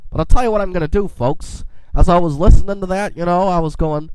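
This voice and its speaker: Lively, rambling male podcast host. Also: on the high side, fast, few pauses, dry recording, poor audio. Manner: rambling, chatty, folksy asides; playful in-character space banter. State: a little sick. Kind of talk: casual solo podcast monologue.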